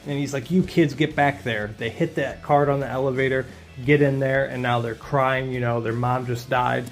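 A man casually recapping a comic book issue for his channel in a relaxed, conversational way. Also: medium pitch, moderate pace, faint music behind.

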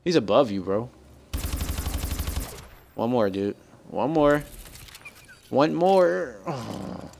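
A young man streaming a shooter game, his voice jumping all over the place as he reacts to the match. He talks with a gravelly edge, frustrated and excitable, with faint noise and gunfire in the background. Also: lowish voice, slow pace, pauses often. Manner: frustrated, excitable, talking to chat and teammates. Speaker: gaming streamer. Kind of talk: live-streamed game commentary.

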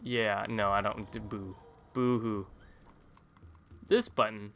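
Bright-voiced joking gameplay commentator man. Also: lowish voice, steady tone, takes it slowly, creaky. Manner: jokey, rambling, self-mocking asides. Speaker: gaming YouTuber. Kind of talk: casual let's-play commentary.

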